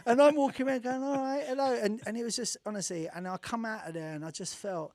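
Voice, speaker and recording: A man being interviewed on a radio show, telling rambling stories with restarts and acting out quotes in a lively way. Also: fast talker, dry recording. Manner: animated, acts out quotes with big jumps in pitch and volume; rambling with frequent restarts and laughter. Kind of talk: casual radio interview storytelling.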